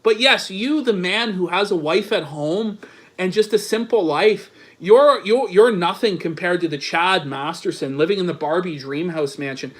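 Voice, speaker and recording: A man's voice: high-pitched, moderate pace. Sarcastic, foul-mouthed male commentator. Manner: sarcastic, swears a lot, incredulous. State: voice strained from talking. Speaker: online commentator. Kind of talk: profane commentary reading messages aloud.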